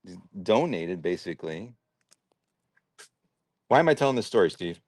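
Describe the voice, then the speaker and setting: A man's voice: low voice, big pitch swings, moderate pace, a little mellow, dry recording. A man hosting a livestream, chatting casually and thinking aloud while he sorts and packs orders. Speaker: livestream host sorting and packing toy brick orders. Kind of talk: casual chat while working.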